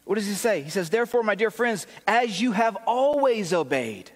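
Male pastor, earnest and encouraging preacher, fairly high voice, heard in a reverberant church. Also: very animated, moderate pace. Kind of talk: sermon. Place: church sanctuary.

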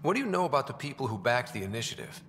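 A man's voice: mid-range voice, big pitch swings, very fast, fairly bright tone. An actor voicing a young male pathfinder hero who asks questions in a level, inquisitive way. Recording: game audio with long reverb.

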